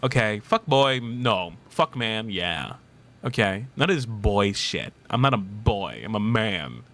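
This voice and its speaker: A man's voice: lowish voice, sing-song, takes it slowly, a bit bright. A man in his thirties streaming casually, reading chat aloud, playful and teasing, laughing often.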